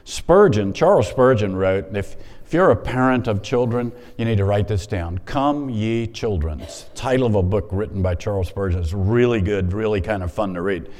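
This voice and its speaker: A man preaching a sermon in a conversational, animated way, stopping often to explain the Scripture he reads. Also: on the low side, moderate pace, few pauses. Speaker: pastor. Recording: hall reverb.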